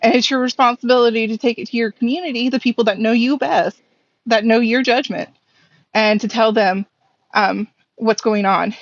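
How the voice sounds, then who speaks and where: Earnest, higher-voiced woman caller. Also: fairly even intonation, no echo. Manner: earnest, quick bursts of advice. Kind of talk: call-in advice. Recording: dull, dry call-in line.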